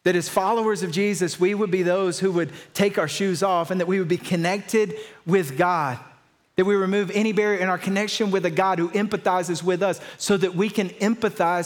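A man's voice: high voice, fairly even intonation, a little fast. A man preaching a sermon as pastor, speaking in a casual, conversational way and dropping in slang asides.

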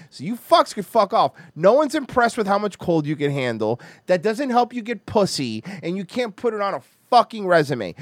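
A man from Florida hosting a podcast, ranting loudly and crudely and mocking others in exaggerated voices. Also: high voice, dry recording, studio quality. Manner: loud, profane, mocking rant. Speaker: podcast host. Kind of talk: casual podcast rant.

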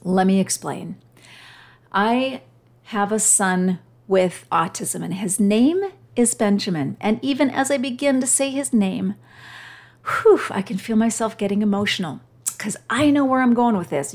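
A middle-aged woman speaks straight to her podcast listeners in a warm, personal monologue. Her talk is chatty and heartfelt, with pauses when emotion rises. Her pitch sits in an ordinary middle range. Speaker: podcast host.

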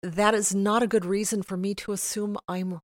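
A woman's voice: medium pitch, flat delivery, normal speed, no room sound, clean studio sound. A woman who is an author and a guest on a podcast, speaking frankly with some humor and often adding short agreeing sounds. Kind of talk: podcast conversation.

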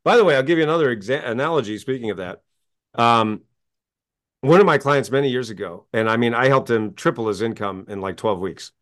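A man's voice: mid-range voice, fairly quick. A man, a success coach and author, talking as a guest in an interview, telling stories emphatically and acting out quotes. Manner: emphatic, animated storytelling with acted-out quotes.

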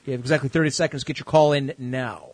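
A man's voice: medium pitch, steady tone, quick pace, dry recording, rough recording. A man from the United States hosting an online call-in show, laid-back and joking with crude language. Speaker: show host.

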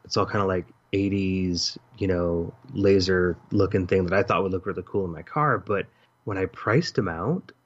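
A man in his thirties co-hosting a casual podcast. He talks in animated bursts, stammers, and laughs often. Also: low voice, moderate pace. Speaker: podcast co-host. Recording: dull lo-fi audio.

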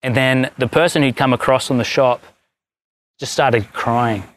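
Male preacher, casual stop-start sermon storyteller, middle-pitched voice. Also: steady tone, measured pace. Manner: rambling, self-correcting storyteller with many restarts. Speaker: pastor.

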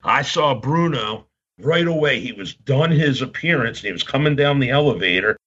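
Over dull, lo-fi audio, a man chats casually, spinning long, meandering stories, laughing frequently and voicing other people's quotes. His mid-range voice is fairly bright with a breathy edge, lively in intonation and normal in speed.

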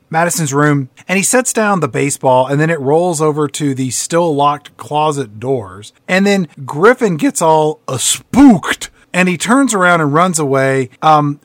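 A man's voice: on the high side, a bit bright, dry recording. Guy ranting about a bad remake on a podcast, snarky, swears a lot, dry sound. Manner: blunt, swears freely, recaps scenes with sarcasm. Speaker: podcast co-host. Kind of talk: casual movie-review banter.

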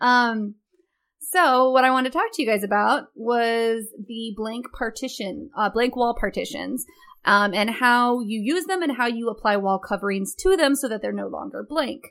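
A woman's voice: a little high, normal speed, fairly bright tone. Teasing, giggly woman co-host. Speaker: podcast co-host. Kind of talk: casual podcast chat.

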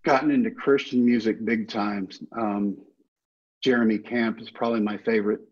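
A man in his fifties, a former ballplayer, telling animated stories as a podcast guest and acting out the quotes. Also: lowish voice, normal speed, breathy edge. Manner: animated anecdotes with acted-out quotes. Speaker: guest, former baseball player. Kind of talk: storytelling interview. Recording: dull lo-fi podcast audio.

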